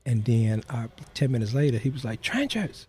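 A man's voice: mid-range voice, fairly even intonation, a little fast, dark tone, breathy edge. A man being interviewed as a guest, telling a personal story in an earnest, plain-spoken way and acting out the voices of people in it.

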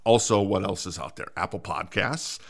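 Middle-aged male podcast host, lowish voice, casual and rambling, self-mocking. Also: moderate pace, creaky. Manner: rambling, self-mocking, many fillers and restarts. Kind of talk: casual solo podcast chat.

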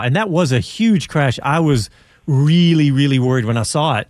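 Relaxed male radio host. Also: mid-range voice, fairly quick, no echo, studio quality. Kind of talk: casual radio talk.

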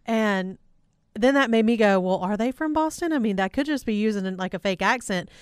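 Southern lady podcast cohost, smooth clean voice, chatty and self-mocking, dry close mic. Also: medium pitch, animated, normal speed, dry recording. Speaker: podcast co-host. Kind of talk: casual chat.

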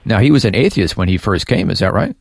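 Low, gravelly male radio interviewer. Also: very animated, dry recording. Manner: brief affirming interjections, measured questions.

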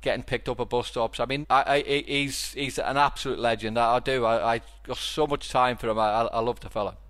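Middle-aged Liverpool man, podcast host, relaxed rambling storyteller, mid-pitched voice. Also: brisk. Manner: rambling storyteller with many restarts. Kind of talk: casual chat.

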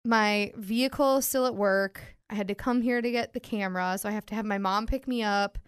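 A woman's voice: medium pitch, a little fast, smooth, no echo, clean studio sound. A young woman, telling a story in casual chat and acting out what people said. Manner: animated storyteller, acts out quotes, laughs often.

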